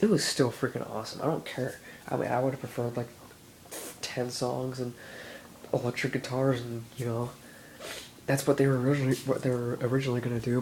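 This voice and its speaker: A man's voice: mid-range voice, a little mellow, a little hiss or hum. An 18-year-old man with a stuffy nose, rambling casually in a video diary with lots of restarts. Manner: rambling, full of "dude" and "like", many restarts. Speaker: vlogger. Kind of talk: casual chat.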